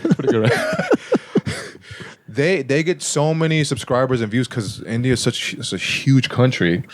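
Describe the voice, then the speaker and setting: A man's voice: mid-range voice, huge pitch swings, moderate pace. A young adult man, a comedian guest, chatting casually on a podcast in a rambling, self-interrupting way and laughing often.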